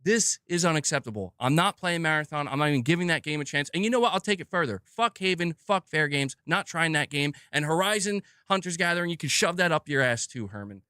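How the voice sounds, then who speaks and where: A man's voice: on the high side, animated, fast talker, hardly any pauses, sharp tone, smooth, no room sound, clean studio sound. A man hosting a gaming news stream, ranting angrily with lots of swearing and repeated outbursts. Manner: angry, profane, repetitive outbursts. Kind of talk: live stream rant.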